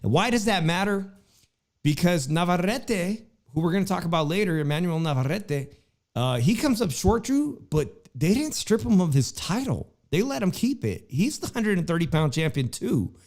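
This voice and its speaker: A man's voice: sits high, sing-song, moderate pace, a little mellow. A man hosting a casual boxing talk show, chatty and full of fillers, often addressing his co-host by name.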